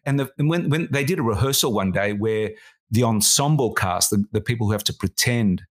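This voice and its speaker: A man from Australia, a comedy writer and producer, telling animated stories as a guest in a casual interview, with many restarts. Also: fairly low pitch, fairly quick.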